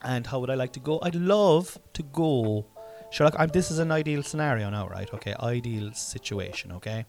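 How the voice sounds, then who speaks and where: A man's voice: medium pitch, animated, moderate pace, few pauses, darkish tone, faint music behind. A man in his forties musing aloud in a casual, rambling monologue, self-mocking and swearing freely. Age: 40s.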